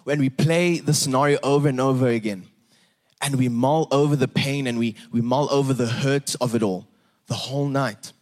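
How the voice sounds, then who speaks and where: A man's voice: medium pitch, steady tone, normal speed, darkish tone. A young man with a South African English accent, preaching a sermon in a conversational way, often restarting and checking in with "right?".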